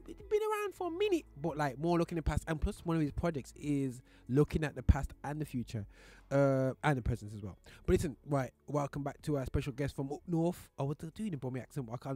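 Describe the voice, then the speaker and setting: Lively high-voiced man hosting. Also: no room sound. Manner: animated, laughing, talks over guest. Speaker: host. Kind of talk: casual podcast chat.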